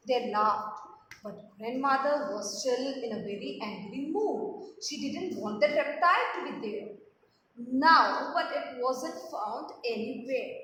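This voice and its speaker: A woman's voice: high-pitched, a little hiss or hum. A woman teacher telling a playful puppet story to students. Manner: animated, playful, giggly. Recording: echoey hall with long reverb.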